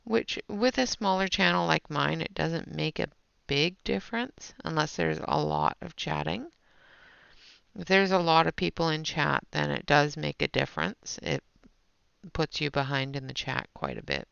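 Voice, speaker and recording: Chatting with her chat as she demonstrates colouring, this livestream host is casual and talkative. Her low-pitched voice is expressive, clear and resonant, fairly bright with vocal fry, at normal speed; there's no room sound, but the stream audio is dull and lo-fi.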